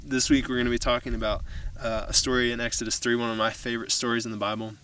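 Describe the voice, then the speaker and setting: A man's voice: medium pitch, little pitch movement, fast, fairly bright tone, slight background noise. A man giving a casual, conversational sermon outdoors on a mountain, recorded from a distance. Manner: casual, conversational preaching with fillers. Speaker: youth pastor.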